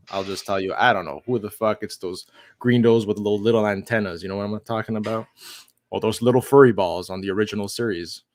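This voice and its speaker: A man's voice: deep voice, no echo. A man with a Quebec French accent, hosting a livestream in rambling, laid-back chat and swearing freely. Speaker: livestream host. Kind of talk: casual chat.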